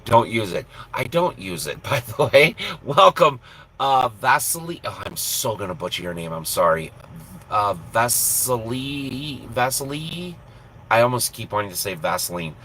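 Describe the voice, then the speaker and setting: A man from Minnesota talks from inside his truck, with faint road ambience around him. His voice has a bright, sharp edge shows through. He chats in a blunt, profane, self-deprecating way. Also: fairly low pitch, animated, normal speed, a little hiss or hum, poor audio. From Minnesota, USA. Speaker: trucker live-streamer. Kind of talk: casual live-stream chat.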